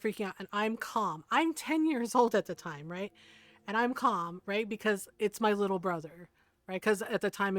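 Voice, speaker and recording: A woman game streamer with a mid-range voice casually tells a rambling story to her live chat, laughing often and tacking "right?" onto many lines. There is no echo.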